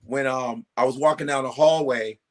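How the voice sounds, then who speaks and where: A male comedian telling stories as a guest in a casual interview, animated and profane, acting out quoted voices. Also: medium pitch, normal speed.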